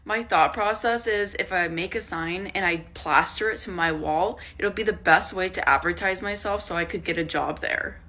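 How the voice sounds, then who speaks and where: A woman's voice: lowish voice, moderate pace, hardly any pauses, pushed and bright. A woman narrating her own vlog in a matter-of-fact, upbeat way.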